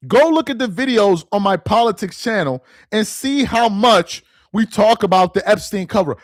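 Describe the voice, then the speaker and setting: On his sports commentary channel, a man vents at the camera in an animated, high-pitched voice at normal speed, barely pausing. He sounds exasperated and drives home his point by repeating the same phrases, recorded without echo.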